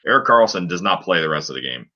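A man with a very low voice talks through a hockey game on a casual podcast. He rambles, with many fillers and restarts. His tone is bright and forceful, and the recording sounds dull and lo-fi. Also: expressive, fast talker. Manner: rambling play-by-play recap with frequent fillers. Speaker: podcast co-host. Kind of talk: casual sports podcast chat.

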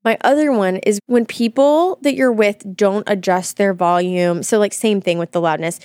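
A woman's voice: medium pitch, darkish tone, clean tone, dry recording, clean studio sound. A woman in her thirties with a Missouri accent, co-hosting a podcast in casual, teasing chat. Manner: chatty, laughing, quick to tease. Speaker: podcast co-host.

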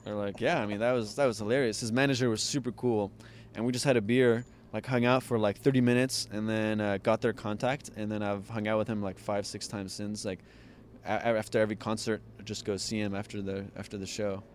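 A man's voice: fairly low pitch, fairly quick, slight background noise. A man guest on a podcast, telling a long story with laughs and acted-out dialogue. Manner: lively, laughs often, acts out others' lines. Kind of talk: animated storytelling.

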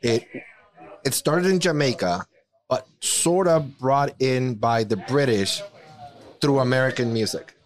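A man's voice: medium pitch, measured pace. A man hosting a casual podcast, easygoing, often laughing, and asking his co-hosts questions. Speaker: podcast host. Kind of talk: casual chat.

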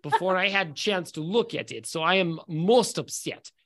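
Game master voicing a stiff, pompous gangster who keeps his speech deliberately low and formal. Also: lively intonation, a bit bright. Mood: indignant. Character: sly gangster noble's agent, speaking low.

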